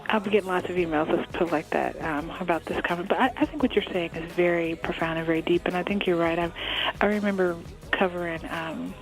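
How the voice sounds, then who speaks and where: A woman hosting a radio interview in a chatty, candid manner, often circling back and restarting her sentences. Her voice sits on the low side for a woman, over a soft music bed. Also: quick pace, low-quality recording. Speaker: radio host.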